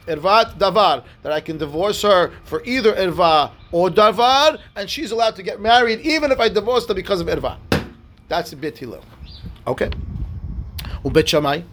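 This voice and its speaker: Teaching his daily Talmud class, a rabbi with a voice that sits high reads Hebrew and Aramaic passages. He explains them in everyday English, often pausing for a "right?" or an "okay?".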